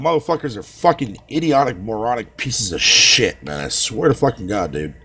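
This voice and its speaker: A man's voice: lowish voice, animated, normal speed, sharp tone, husky. A man ranting profanely on a casual live stream, talking to his viewers by name and swearing constantly.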